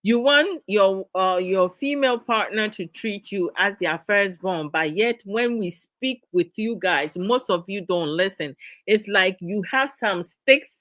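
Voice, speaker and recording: A woman's voice: medium pitch, animated, measured pace, a bit bright, no echo. A middle-aged woman hosting a live discussion, lecturing her viewers with exasperation and frequent laughter. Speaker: host of a live discussion stream. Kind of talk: casual live-stream talk to viewers.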